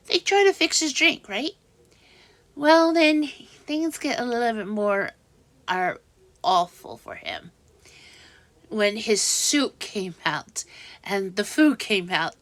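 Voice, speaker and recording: High-voiced woman telling an exasperated story. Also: a bit bright, no echo. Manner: halting, restarts, rising exasperation. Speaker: vlogger. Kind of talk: casual storytelling vlog.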